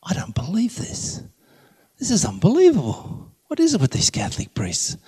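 A man's voice: on the high side, very animated, fairly quick. A man voicing a flustered rabbi who mutters in disbelief while telling a joke, in a hall with long reverb. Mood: disbelieving. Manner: incredulous muttering. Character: flustered male rabbi in a fishing boat.

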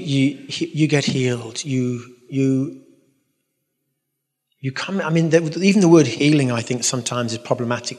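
A man with a London accent speaks to a gathering in a large hall, his voice trailing a long reverb. He talks earnestly and directly, restarts his sentences often and pokes fun at himself, at an ordinary middle pitch. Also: normal speed, darkish tone. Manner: earnest, direct, self-mocking, frequent restarts. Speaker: Catholic speaker. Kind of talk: conversational talk with audience questions.

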